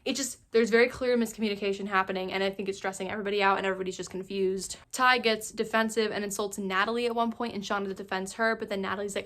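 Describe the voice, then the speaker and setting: A woman's voice: medium pitch, fairly even intonation, fast talker, hardly any pauses, a bit bright. A woman narrating a casual TV recap, chatty and full of fillers, acting out the characters' lines in a loose, conversational voice. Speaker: recap YouTuber.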